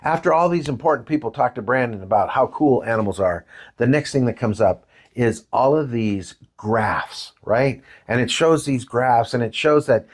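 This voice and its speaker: A man's voice: mid-range voice, normal speed. A man teaching a parenting course, talking conversationally and acting out a story with quoted voices. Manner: conversational, tags lines with "right?" and "man"; animated, acts out voices in anecdotes. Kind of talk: lecture with storytelling.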